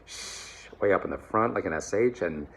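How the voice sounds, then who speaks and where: A man teaching German pronunciation to singers, relaxed and encouraging, often checking in with "all right?" and slowly modeling words. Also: low-pitched, creaky, slight background noise. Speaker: choir diction coach. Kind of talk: German diction lesson for singers.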